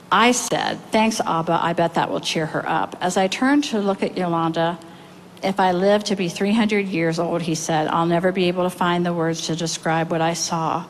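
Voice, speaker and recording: A woman preacher delivers a sermon in a lowish voice, telling a story with earnest pauses. A faint noise hums behind her. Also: low-quality recording. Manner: earnest storytelling, reading quotes aloud with pauses. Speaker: pastor.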